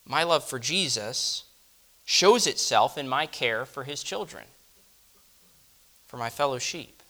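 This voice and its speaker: A man delivering a first-person dramatic monologue, reflective and often dropping to a hush. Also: medium pitch, lively intonation, slow. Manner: reflective, dropping to hushed tones. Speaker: storyteller.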